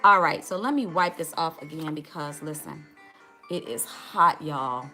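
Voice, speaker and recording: A woman's voice: sits low, a little slow, pushed and bright, faint music behind. A middle-aged woman hosting a casual live makeup tutorial, chatty, greeting viewers by name and calling out to "y'all". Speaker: makeup livestream host.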